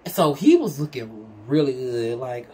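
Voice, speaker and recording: Low-voiced woman spilling a story to the camera, super chatty and candid, talks to viewers like her girls. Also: measured pace, slightly rough. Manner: chatty, candid, addresses the audience as "girl" and "y'all"; animated, with big swings in pitch. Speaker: storyteller vlogger. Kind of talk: casual storytime chat.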